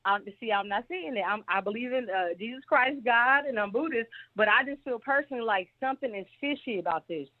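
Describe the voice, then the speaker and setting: A woman's voice: on the high side, expressive, brisk, hardly any pauses. A woman calling in to a talk show, giving her opinion in a rambling, opinionated way. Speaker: caller. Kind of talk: call-in opinion. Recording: tinny phone line.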